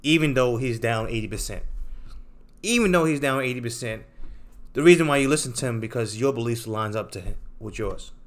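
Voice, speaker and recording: A man's voice: mid-range voice, a little fast. A man hosting a trading channel, talking straight to his viewers in an unscripted, confrontational rant and tagging his points with "okay?" and "right?". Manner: emphatic and confrontational, repeats tag questions like okay and right.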